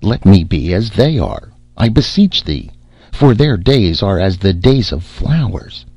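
A man's voice: deep voice, very animated, a little slow, a little mellow, husky, no room sound, dull audio, full character voice. A man voicing a grieving young fisherman in love, pleading in earnest archaic speech.

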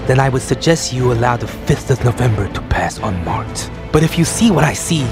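A man's voice: medium pitch, expressive, brisk, music in the background, close to an everyday voice. A man doing an impression of a masked rebel, reciting a speech theatrically in a shaky English accent. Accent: attempted English. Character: masked male rebel orator. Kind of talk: comedic impression.

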